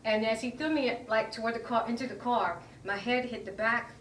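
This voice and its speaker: A woman's voice: a little high, fairly even intonation, fairly bright tone, slight background noise. Earnest woman recounting, distant roomy mic. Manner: earnest, emotional, halting retelling. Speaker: interviewee. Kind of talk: personal account in an interview.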